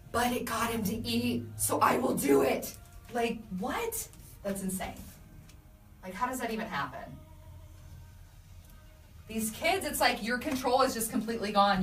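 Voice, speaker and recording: A young adult woman hosting a casual live video, reading viewer comments and telling animated stories about her kids. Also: a little high, moderate pace, long pauses, echoey room, far from the mic, soft background music. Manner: chatty, animated storytelling with laughs. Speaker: radio host doing a live video.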